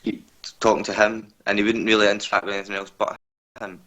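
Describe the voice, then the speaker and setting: A man's voice: on the low side, flat delivery, fast, a bit bright, low-quality recording. Nervous, hesitant young man on a call. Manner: hesitant, full of "kinda" and "like". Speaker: interview guest. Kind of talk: casual storytelling interview. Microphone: video call.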